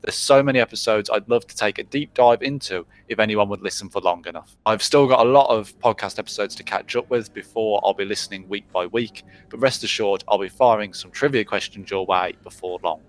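A man's voice: on the low side, brisk, few pauses. A man from England co-hosting a casual podcast, reading out listener messages in an easygoing way. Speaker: podcast co-host.

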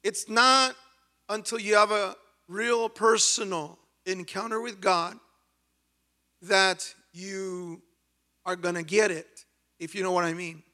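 A man's voice: high voice, sharp tone. A man preaching a sermon and sharing a personal testimony, fervent and repetitive, building to near-sung emphasis.

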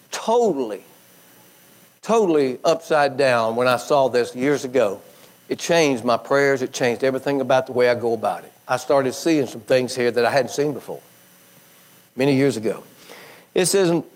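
A man preaching a sermon in a folksy, conversational way, quoting scripture and swinging between high emphatic bursts and low quiet drops.

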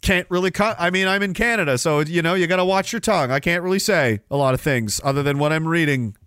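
A man's voice: fairly high pitch, quick pace, few pauses, fairly bright tone, clean tone, no room sound, clean studio sound. A man hosting a podcast, delivering rambling political commentary in a sarcastic, profane way. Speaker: podcast host. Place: Canada.

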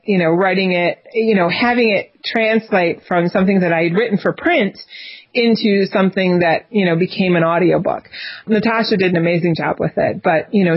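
A woman author chatting loosely in an interview, circling back on her words as she goes. The audio is muffled and dull. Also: mid-range voice. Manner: chatty, rambling with frequent restarts and laughs. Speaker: author guest. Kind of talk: casual interview chat.

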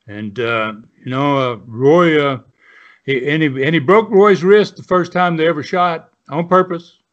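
An older man in his seventies tells long stories at a loose, rambling pace, full of uh and you know. His voice sits a little high, and the audio sounds dull and lo-fi, like a remote connection. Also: a little slow. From Southern United States. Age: 70s. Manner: rambling storyteller with many fillers. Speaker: guest, retired pro wrestler. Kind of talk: storytelling interview.

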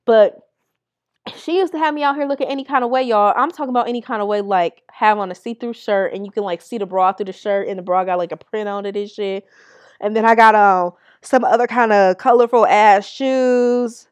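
A woman's voice: mid-range voice, brisk. A young adult woman hosting a podcast, telling candid stories in a blunt, profane way and laughing as she goes. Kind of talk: candid storytelling chat.

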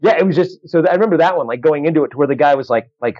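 A man with a slightly raised voice tells a comedy road story, lively and full of quick restarts as he jumps into other people's voices. The sound is dull and lo-fi, close and dry with no room around it. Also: a little high, dry recording. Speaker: stand-up comedian. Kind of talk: casual anecdote telling.

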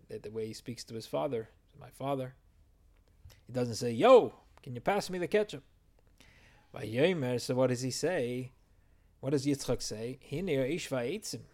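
A man's voice: mid-range voice, moderate pace, darkish tone. A man teaching a verse-by-verse Torah text study, explaining and translating Hebrew phrases as he goes.

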